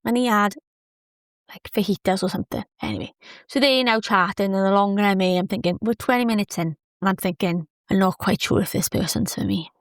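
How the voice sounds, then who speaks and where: On her solo podcast, a podcast host from Wales recounts a dating story with animated chatter, self-deprecating humor and lots of quoted asides. She talks briskly in a mid-range voice, and the studio-quality audio has no echo.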